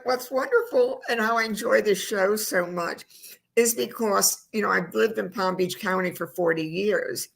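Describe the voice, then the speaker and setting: A woman's voice: lowish voice, gravelly, a bit bright. A middle-aged woman hosting a live-streamed talk show, telling long rambling stories in a chatty way. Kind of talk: casual chat. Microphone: streamed studio mic.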